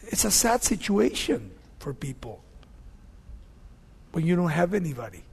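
A man's voice: on the high side, sing-song, a little slow, vocal fry, slightly rough. A male pastor teaching a sermon verse by verse, talking to his listeners conversationally and often asking "you see?". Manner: conversational preaching, asks "you see?", swings between loud readings and soft asides.

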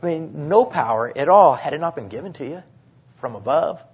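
Husky-voiced man preaching a sermon. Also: on the high side, lively intonation. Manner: swings from hushed to emphatic, drawn-out stresses. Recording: dull lo-fi sermon recording.

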